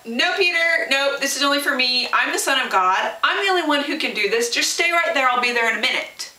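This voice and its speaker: A woman doing a gentle, coaxing Jesus, sung high. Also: lively intonation, a little fast. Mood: mock dismissive. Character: Jesus, a gentle, welcoming man calling out. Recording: roomy, from a distance.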